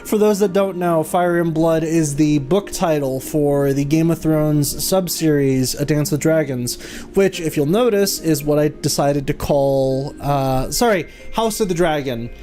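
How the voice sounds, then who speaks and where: A man's voice: a little high, a little slow, mellow, soft background music. Tired, joking male game streamer. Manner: joking, laid-back, chatting. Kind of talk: casual commentary.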